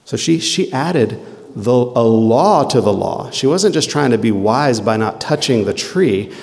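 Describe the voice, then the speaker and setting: A man with a gravelly, mid-pitched voice preaches a sermon, talking conversationally and punching rhetorical questions. His voice carries a long reverb from a large hall. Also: expressive, measured pace, a little mellow. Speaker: pastor.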